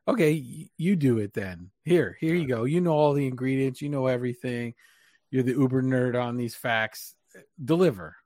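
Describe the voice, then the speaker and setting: A man with a middle-pitched voice speaks in a dry, close recording. He shares reflective opinions during a relaxed podcast chat. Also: moderate pace, no echo. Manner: reflective, explains his take on scenes. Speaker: podcast co-host. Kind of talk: casual podcast discussion.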